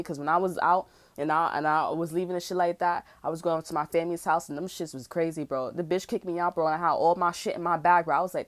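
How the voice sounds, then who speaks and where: A woman ranting casually to camera, heated and profane, calling everyone "bro" and acting out what others said in quick retold dialogue. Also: sits low, steady tone. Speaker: channel host.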